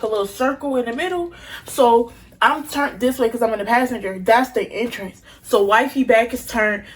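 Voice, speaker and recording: A woman's voice: on the high side, low-quality recording. A young woman in her twenties casually telling a storytime to her viewers, chatty and slangy, often addressing them as y'all. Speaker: vlogger.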